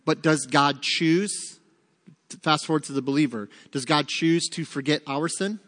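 A man's voice: on the high side, steady tone, normal speed, fairly bright tone. Man teaching Scripture in a hall. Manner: asks the class questions, then answers them. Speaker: Bible teacher. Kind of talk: interactive Bible study teaching.

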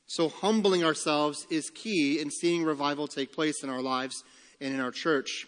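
A pastor preaching a sermon, who slows down and lifts his voice on the key phrases. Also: a little high, steady tone, a bit bright. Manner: emphatic preaching, slowing and rising on key phrases. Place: church sanctuary. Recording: long church hall reverb.

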